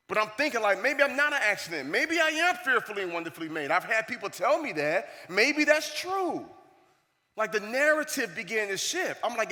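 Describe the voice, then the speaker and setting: A man's voice: sits high, sharp tone. A man giving a motivational keynote at a conference, telling stories and acting out the quoted dialogue. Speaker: keynote speaker. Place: large conference hall. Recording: reverberant conference hall.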